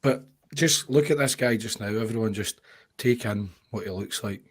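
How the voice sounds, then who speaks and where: A man co-hosts a casual podcast in a low, slightly husky voice. He talks in an animated, crude way, building jokes as he goes. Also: normal speed. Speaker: podcast co-host. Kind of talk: casual political chat.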